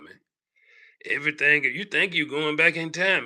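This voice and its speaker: A man's voice: fairly high pitch, normal speed, sharp tone. A man hosting a livestream, ranting in a loose, mocking way and tagging his lines with "man" and "boy". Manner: mocking, repetitive, slangy, keeps saying "man" and "boy". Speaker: livestream host. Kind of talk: casual ranting monologue.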